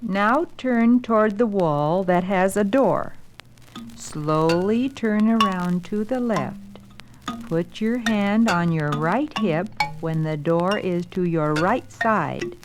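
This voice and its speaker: Slow, calm woman narrating a lesson. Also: medium pitch, noisy background. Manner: calm, deliberate, giving step-by-step instructions. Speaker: narrator of an educational film. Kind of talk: scripted instructional narration.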